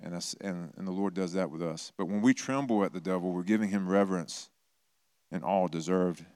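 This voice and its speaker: A man's voice: low voice, brisk, a little mellow, clean tone, no room sound, clean studio sound. A middle-aged man preaching a sermon in a conversational way, acting out quoted voices with touches of humor. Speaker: pastor.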